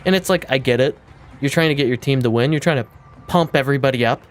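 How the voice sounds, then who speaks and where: A young man streaming a game, talking casually and excitedly, swearing freely. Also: medium pitch, fast, faint music behind. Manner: baby-talk to his cat. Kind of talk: casual live-stream commentary.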